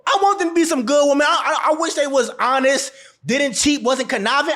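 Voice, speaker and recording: A man's voice: extremely high pitch, big pitch swings, a little fast, fairly bright tone. A man giving blunt relationship advice straight to camera, laughing often and hammering home his points by repeating them. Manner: repeats phrases for emphasis. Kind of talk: casual advice monologue to camera.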